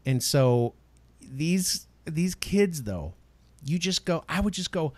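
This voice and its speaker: Animated middle-aged man, lively pitch. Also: slow pace, no echo. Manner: animated, acts out quotes in exaggerated voices. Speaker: podcast co-host. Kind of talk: casual podcast chat.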